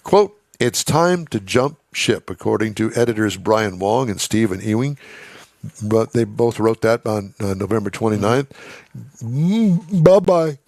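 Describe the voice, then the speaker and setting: A man's voice: fairly low pitch, normal speed, vocal fry, dry recording. A man hosting a radio car show in casual on-air chat. He reads news items aloud and adds wry asides. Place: radio studio.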